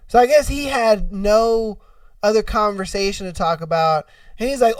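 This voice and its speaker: A man's voice: high-pitched, normal speed, no room sound, studio quality, distant mic. A man hosting a casual podcast, reading posts aloud and riffing on them in a loose, profane way. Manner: loose, profane, laughs at his own retellings. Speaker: podcast host.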